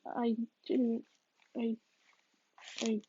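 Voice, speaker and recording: A woman's voice: fairly high pitch, completely flat delivery, very slow, mellow, dull audio, a little hiss or hum. A woman voicing an uneasy young schoolboy who talks hesitantly, stumbling over his words.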